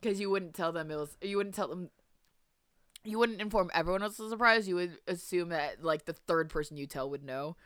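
A woman co-hosting a podcast, chatting in a wry, animated way and riffing on her co-host. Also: on the low side, brisk, no room sound, studio quality. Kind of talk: casual chat.

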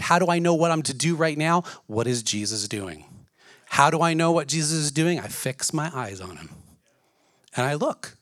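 A man's voice: medium pitch, a bit bright, no room sound, studio quality. A man preaching a sermon in an earnest way, asking his listeners many questions. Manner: earnest, asks the audience questions.

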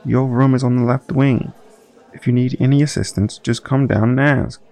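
A man's voice: medium pitch, moderate pace, creaky, a little mellow, close to an everyday voice. A man voicing a friendly male hotel desk clerk with a nasal voice, a faint French accent and showy, eager politeness.

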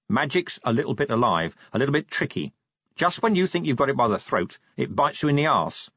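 A man voicing a weary, gruff middle-aged police commander with a dry, sardonic manner. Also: mid-range voice, fairly bright tone, no echo, voice pushed up. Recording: dull dry audiobook recording.

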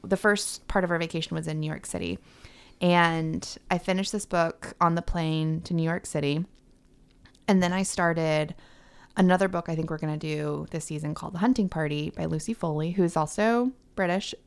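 A woman's voice: low-pitched, normal speed, smooth. A woman from Florida co-hosting a book podcast, chatting casually and rambling with restarts. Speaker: podcast co-host. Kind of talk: casual chat.

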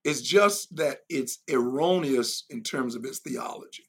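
A man's voice: medium pitch, a little slow, fairly bright tone, breathy edge. A man teaching in a sermon style, emphatic and repetitive, who often laughs as he goes. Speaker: preacher and Bible teacher.

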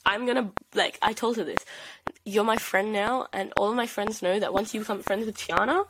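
A young woman hosts a relaxed podcast, tumbling through her stories with eager energy and constant fillers. Her voice sits at an ordinary middle pitch. A steady hiss of noise and small clicks run under the recording. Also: brisk. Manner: excitable storyteller, rambling with lots of "like". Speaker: podcast host. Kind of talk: casual chat.

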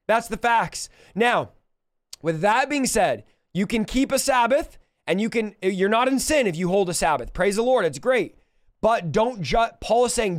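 A young male preacher works through scripture in a chatty, energetic way, talking straight to his audience. His voice sits high and comes through smooth and clear. The recording is close and dry, with no room sound. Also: dry recording. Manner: energetic, conversational, direct address to viewers. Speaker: preacher and podcast host. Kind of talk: verse-by-verse Bible teaching.

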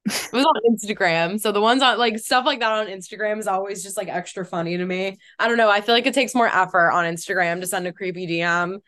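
A young woman co-hosting a podcast, talking in casual chat full of "like" fillers and quick laughs. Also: mid-range voice, fairly bright tone, dry recording, clean studio sound. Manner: chatty, frequent "like" fillers, laughs often. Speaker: podcast co-host.

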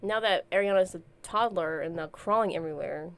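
A woman's voice: fairly low pitch, fairly quick, fairly bright tone, clear, resonant tone. A young woman co-hosting a casual chat, telling stories with lots of fillers and frequent laughter. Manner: chatty storyteller, laughs often, many fillers. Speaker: podcast co-host.

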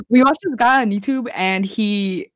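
A young American woman rambles through a casual podcast chat, laughing often and swearing freely. Her voice sits in a middle pitch, recorded dry and close with no room sound. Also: a little slow, dry recording. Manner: giggly, rambling, heavy use of "like" and swearing. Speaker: podcast co-host.

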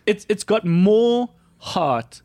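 A young man hosting a casual podcast chat, animated and swearing, laughing as he talks. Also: high voice, very slow, no room sound. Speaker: podcast host.

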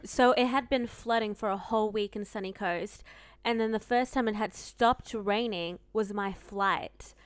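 A young woman in her twenties, a podcast co-host chatting casually, quick with blunt, crude jokes. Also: mid-range voice, clean tone, no room sound. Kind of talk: casual chat.

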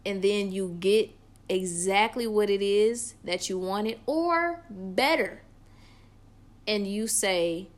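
Woman podcast host, casual, emphatic, encouraging, mid-pitched voice. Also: takes it slowly. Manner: encouraging, emphatic, sermon-like repetition; casual slangy address to listeners. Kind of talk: solo podcast talk.

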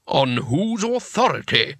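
A man's voice: a little high, sing-song, a little slow, fairly bright tone, breathy edge, dry recording, heavily acted. A man reading an audiobook, voicing a fussy, indignant male wizard who sneers and sputters.

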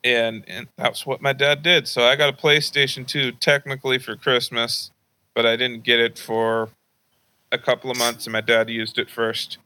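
A man's voice: mid-range voice, flat delivery, normal speed, sharp tone, a little hiss or hum. A man telling a story in a casual, profane, rambling way full of fillers.

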